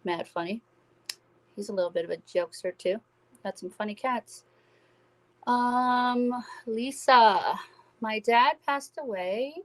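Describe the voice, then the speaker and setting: A woman working as a psychic medium, giving a live-stream spirit reading and speaking gently and reassuringly to viewers by name. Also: fairly high pitch, takes it slowly, pauses often, rough recording.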